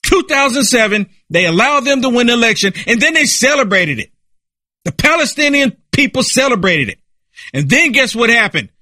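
A man delivers fired-up political commentary in a high, piercing voice with a forceful edge. He hammers his points home, repeating lines like a preacher. The sound is dry and close to the mic. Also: big pitch swings, moderate pace, no room sound. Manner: emphatic, repetitive, preaching tone.

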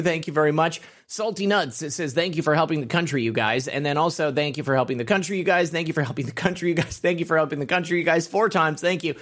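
A man hosting a live political stream, casually reading out viewer comments with frequent fillers. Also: a little high. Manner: rambling, reads names with fillers.

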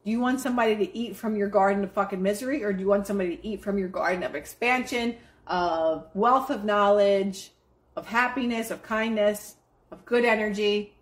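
Speaking at medium pitch and a little quickly, a woman on a live stream delivers a casual pep talk to her chat. She preaches bluntly and emphatically, swearing freely as she goes.

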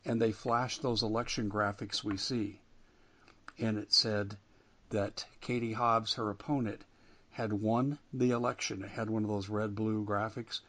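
A man's voice: fairly low pitch, fairly bright tone. A man hosting a talk radio show, delivering an emphatic monologue that rises and falls with indignation. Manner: emphatic, rising and falling with indignation.

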